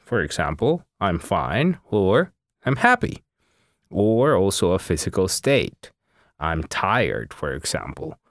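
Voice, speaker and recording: Deep-voiced man patiently teaching Spanish. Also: huge pitch swings, slow pace, no room sound, clean studio sound. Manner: patient, explanatory, gives examples. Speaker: Spanish teacher and podcast co-host. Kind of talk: patient grammar explanation.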